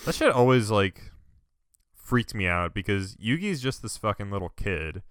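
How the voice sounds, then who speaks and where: A man's voice: fairly low pitch, sing-song, normal speed, a bit bright, clear, resonant tone, dry recording, studio quality. A young man co-hosting a podcast, chatting in a laid-back way and laughing often. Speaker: podcast co-host. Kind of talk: casual chat.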